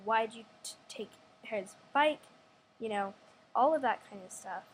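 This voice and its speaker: A young woman with a fairly high voice tells a story casually, rambling through many restarts and acting out what people said. She records at home, with faint ambient hiss behind her. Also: measured pace, rough recording. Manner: rambling, restarts often, acts out quotes.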